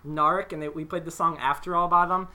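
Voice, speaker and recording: A woman's voice: fairly low pitch, fairly even intonation, brisk, pushed and bright, slight background noise. Giggly young woman hosting a podcast. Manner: giggly, storytelling with quoted voices. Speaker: podcast host. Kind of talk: casual podcast banter.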